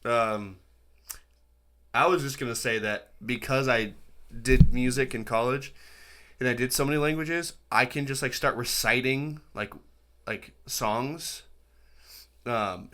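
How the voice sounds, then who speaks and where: A man's voice: medium pitch, a little slow, sharp tone. A young man co-hosting a podcast in a casual, joking chat and laughing often. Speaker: podcast co-host.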